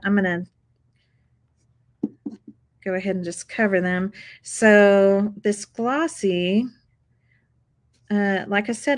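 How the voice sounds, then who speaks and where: A woman walks her viewers through a craft project at her table, chatty and upbeat, calling them "you guys." Her voice sits at a middling pitch, casual and friendly in tone. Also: fairly bright tone, low-quality recording. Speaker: craft tutorial host.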